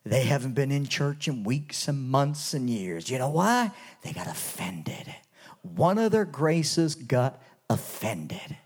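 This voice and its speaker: A man from Canada preaching a revival sermon in church, dropping to hushed lows and rising to loud, soaring highs. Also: very animated, slow, hardly any pauses.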